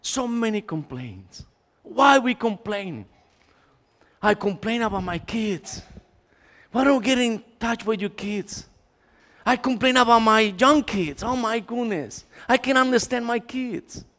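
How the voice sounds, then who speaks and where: A male pastor with a notably high voice delivers a conversational sermon in a church sanctuary. He talks to the congregation in an animated way, swinging between loud and quiet. His words carry a long hall reverb. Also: a little slow. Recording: echoey hall.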